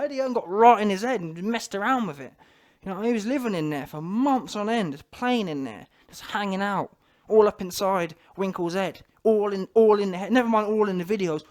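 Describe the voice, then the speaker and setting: A man, ranting casually to camera about boxing, slangy and animated, often laughing. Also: high voice. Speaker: boxing commentator.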